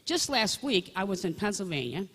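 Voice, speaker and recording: A woman's voice: medium pitch, sing-song, normal speed, a bit bright, breathy edge. Older woman telling chatty faith anecdotes, echoing. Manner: chatty, rambling anecdotes addressed straight to listeners. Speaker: Catholic speaker giving testimony. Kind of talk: storytelling faith talk. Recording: long echoing reverb.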